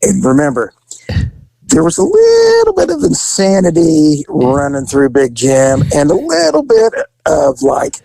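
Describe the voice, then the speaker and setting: List, middle-aged man, ex-cop storyteller, gravelly, higher voice, dry close sound, animated, profane. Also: unhurried, no room sound, rough recording. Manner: profane, laughing often. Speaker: former police officer telling stories. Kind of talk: casual storytelling chat.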